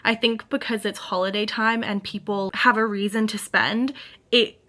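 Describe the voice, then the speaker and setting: Young female vlogger, mid pitch, chatty and heartfelt, rambling with frequent "like" and laughs; home-recorded diary style. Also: steady tone, moderate pace, pushed and bright. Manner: rambling, emotional, laughing, lots of "like". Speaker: small business artist vlogger. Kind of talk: casual vlog talk to camera. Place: at home, indoors.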